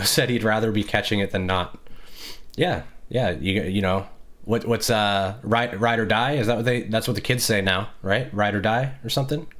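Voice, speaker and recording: A man's voice: lowish voice, a bit bright. A man co-hosting a casual podcast conversation, talking in a reflective, rambling way with many fillers and restarts. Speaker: podcast co-host.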